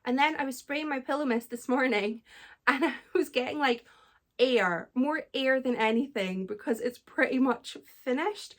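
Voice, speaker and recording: A young woman with a Scottish accent talks through her week in a loose, chatty way. Her voice sits high and she laughs easily, often poking fun at herself. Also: normal speed. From Scotland. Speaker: book vlogger. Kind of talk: casual vlog chat.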